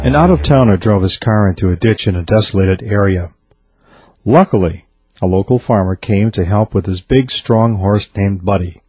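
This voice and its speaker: A man reading a series of jokes aloud in a steady storytelling delivery. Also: fairly low pitch, normal speed, breathy edge. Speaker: joke teller.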